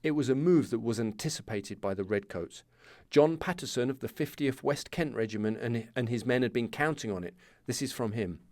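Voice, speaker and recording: Male history podcast host, scripted storytelling, close dry mic, mid pitch. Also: expressive, a little fast, darkish tone, no room sound. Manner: storytelling with casual asides.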